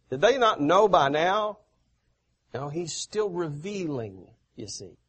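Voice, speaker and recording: A male preacher giving a sermon, reading scripture aloud and swelling loud on key phrases. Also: on the high side, sing-song, slow pace, slightly rough.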